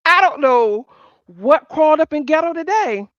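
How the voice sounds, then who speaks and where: Lively blunt woman hosting a stream. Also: high-pitched, normal speed, no echo, muffled recording. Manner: animated, blunt and profane, laughs often. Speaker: livestream host. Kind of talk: casual commentary to a live audience.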